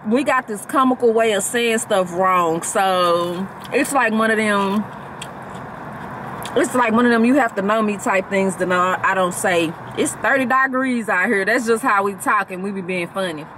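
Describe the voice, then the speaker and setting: A woman's voice: mid-range voice, moderate pace, noisy background. A woman with a Southern country accent chatting bluntly and jokingly in a casual vlog from a parked car, eating while she talks. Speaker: vlogger.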